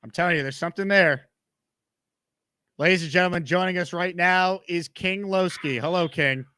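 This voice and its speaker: A man's voice: high-pitched, normal speed, sharp tone, clean tone, no room sound. Upbeat man hosting a sports stream. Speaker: show host. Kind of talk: live-stream sports talk, reading chat.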